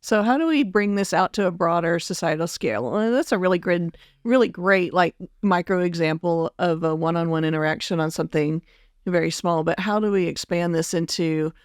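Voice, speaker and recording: A woman hosting a casual conversation, chatty and quick to finish her guest's sentences. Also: fairly low pitch, clear, resonant tone, no room sound, clean studio sound. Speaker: podcast host.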